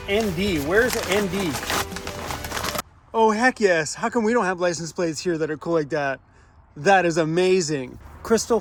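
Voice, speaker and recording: A man vlogging outdoors in a park, chatty and upbeat, laughing often as he opens packages. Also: on the high side. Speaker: van life vlogger. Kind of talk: casual vlog talk. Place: outdoors in a park by a parking lot.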